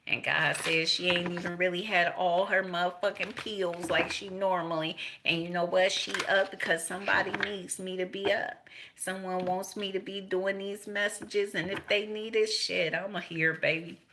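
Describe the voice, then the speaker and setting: A woman's voice: fairly low pitch, little pitch movement, normal speed, noisy background. An older woman giving a casual tarot reading, rambling and profane, laughing often between remarks. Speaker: tarot reader.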